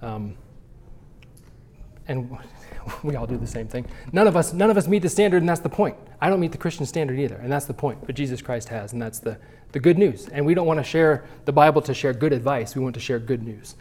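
A man's voice: medium pitch, expressive, brisk, darkish tone. A man teaching a Sunday school class at church, talking conversationally and often restarting his phrases.

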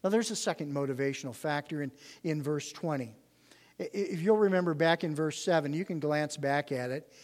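A man gives an earnest Bible study sermon, explaining scripture and leaning on key words. His voice sits a little high. A long reverb from a large hall trails each phrase. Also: a little fast. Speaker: Bible teacher.

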